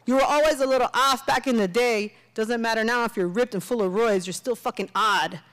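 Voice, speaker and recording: A woman's voice: a little high, fairly quick, fairly bright tone, close to an everyday voice, low-quality recording. A woman voicing a brash, crude young man who trash-talks a former classmate with swagger and profanity. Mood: taunting.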